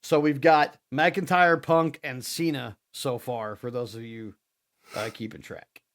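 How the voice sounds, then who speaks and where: A man co-hosting a podcast, telling a wrestling recap as an animated storyteller. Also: medium pitch, a little slow. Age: adult father. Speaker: podcast co-host. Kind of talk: casual wrestling recap chat.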